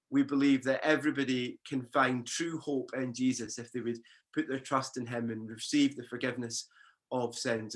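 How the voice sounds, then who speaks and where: A male pastor preaching a sermon in a relaxed, conversational way, with frequent fillers and restarts. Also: mid-range voice.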